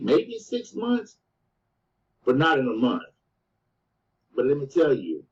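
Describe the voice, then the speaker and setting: A man giving a motivational sales presentation, telling his story in an animated way and often calling the listeners "guys" and "man". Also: medium pitch. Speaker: business presenter. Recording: distant, dull lo-fi sound.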